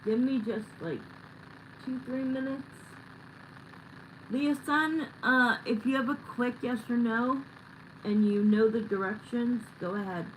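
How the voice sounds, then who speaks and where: A woman's voice: on the high side, measured pace, slight background noise, low-quality recording. A middle-aged woman hosting a live tarot stream, chatting casually and bluntly with viewers and swearing now and then.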